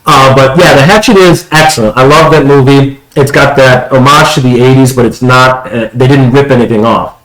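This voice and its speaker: A man's voice: mid-range voice, steady tone, moderate pace, hardly any pauses, a bit bright. A man co-hosting a podcast, chatting casually and enthusiastically, rambling with restarts. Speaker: podcast co-host. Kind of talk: casual chat. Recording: echoey room.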